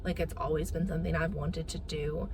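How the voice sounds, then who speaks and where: A woman's voice: low voice, fairly even intonation, brisk. A young woman chatting casually in a book vlog, rambling and filler-heavy. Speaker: book vlogger. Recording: loud background noise.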